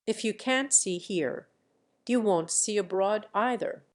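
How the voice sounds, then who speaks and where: A brusque, impulsive noblewoman and mother, read by a woman who scolds and commands abruptly. The audiobook delivery is slow and measured. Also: mid-range voice, natural voice.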